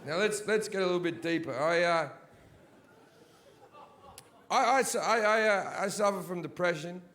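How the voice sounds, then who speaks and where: Performing stand-up in a large, sold-out theatre, a man in his thirties delivers a profane, ranting set that frequently builds into shouting. His voice is high-pitched and his pace normal.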